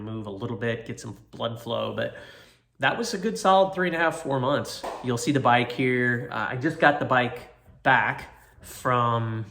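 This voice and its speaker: A man's voice: mid-range voice, a bit bright, roomy sound. A man casually telling a long story in a rambling, self-deprecating way. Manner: rambling, self-deprecating, quotes people in their own voices. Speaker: motorcycle track rider recounting a crash.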